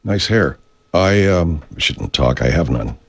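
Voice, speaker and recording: A man's voice: deep voice, lively intonation, takes it slowly, breathy edge, dry recording. A man hosting a radio show, rambling in a profane, meandering monologue that keeps getting sidetracked. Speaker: radio host.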